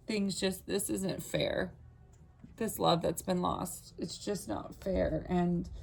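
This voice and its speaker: Slight background noise sits behind her low, a little mellow voice, which carries vocal fry. She's a tarot reader doing an earnest, meandering reading to camera, restarting often and using fillers, with a brief emotional moment where her voice catches.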